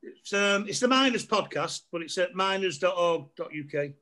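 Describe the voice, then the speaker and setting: A man's voice: high voice, lively intonation, normal speed, a crowd in the background. Laughing middle-aged man telling rambling stories. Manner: laughing often, rambling anecdotes with asides. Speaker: comedian guest. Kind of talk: casual storytelling chat over a video call. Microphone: video call.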